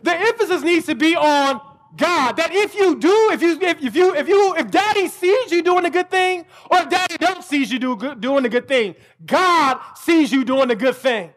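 A man preaching a sermon as pastor, emphatic and building to near shouts, often repeating words as he restarts. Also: extremely high pitch, expressive, moderate pace.

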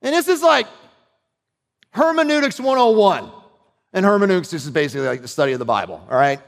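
A man's voice: high voice, animated, a little fast, vocal fry, in a large hall. A man preaching a sermon as pastor, talking conversationally and checking in with his listeners.

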